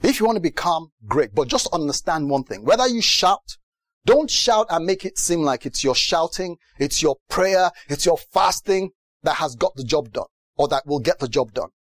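A man from Britain preaching a sermon in a lively way, often asking the audience if they understand. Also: on the high side, normal speed, no room sound. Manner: lively, mimics other preachers, asks the audience questions.

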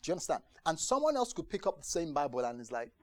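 A man preaching a conversational sermon to a congregation, lively and chatty, acting out the voices he quotes and often asking if they understand. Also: a little high, fast talker, no room sound. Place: church gathering in the UK.

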